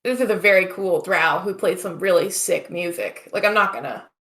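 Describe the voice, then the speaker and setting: A woman's voice: lowish voice, normal speed, fairly bright tone. A woman with a lisp, chatting and laughing as a player in a live tabletop game. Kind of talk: casual tabletop play.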